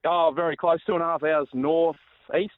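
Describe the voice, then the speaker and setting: An Australian man from South Australia on a phone call, excited and breathless, swearing in disbelief as he wins a contest. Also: on the high side, normal speed, a crowd in the background. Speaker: caller, contest winner. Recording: noisy phone line.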